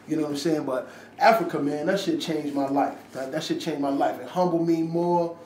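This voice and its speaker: After an interview, a rapper recounts a story in loose slang, voicing the quotes and swearing throughout. His voice is a little high and somewhat dark, with a steady tone and a fairly quick pace. He's filmed on a handheld camera in an echoey room, captured from a distance with faint noise behind him.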